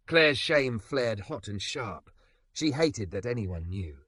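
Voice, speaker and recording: A man narrating a scripted romance story in a dramatic, measured way. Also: mid-range voice, very animated, fairly bright tone, dry recording.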